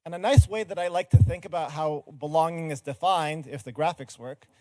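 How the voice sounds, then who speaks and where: A man's voice: a little high, fairly quick, dark tone, dry recording. Earnest man giving a conference talk. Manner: earnest, explanatory, audience-engaging. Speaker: conference speaker. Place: conference stage.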